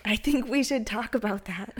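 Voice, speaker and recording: A young American woman in casual podcast conversation, full of quick affirmations and playful asides. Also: a little high, slightly rough.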